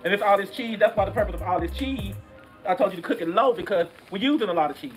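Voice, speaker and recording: Quick-talking man cooking, music behind. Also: high-pitched. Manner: relaxed, explaining step by step. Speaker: home cook. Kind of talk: casual cooking demonstration. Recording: music playing over the clip.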